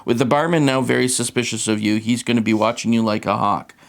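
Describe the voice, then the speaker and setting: A man's voice: medium pitch, fairly even intonation, fast, gravelly. A man hosting a tabletop game, reading the scenario aloud and explaining rules patiently.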